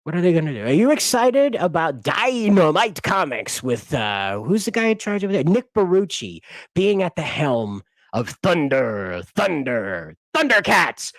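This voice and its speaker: Male host, casual profane rambling, lively pitch, dry close sound. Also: measured pace, dry recording. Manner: rambling and profane with frequent laughs. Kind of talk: casual commentary stream.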